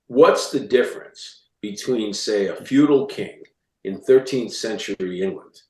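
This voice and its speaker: Low-voiced animated man in a roomy space. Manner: animated, quick restarts and repeated words. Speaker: author guest. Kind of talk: casual interview conversation. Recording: roomy echo.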